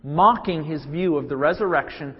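Male preacher with a slightly high voice, teaching through repetition and direct questions; muffled, lo-fi church recording. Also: moderate pace, breathy edge. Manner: repeats key phrases for emphasis, questions listeners directly. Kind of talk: sermon. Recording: dull lo-fi with long hall reverb.

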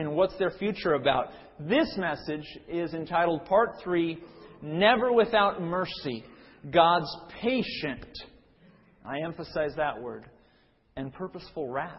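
A man's voice: fairly high pitch, highs cut off. Man preaching in a reverberant hall. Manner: storytelling, then earnest preaching with fillers and restarts. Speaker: pastor. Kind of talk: sermon.

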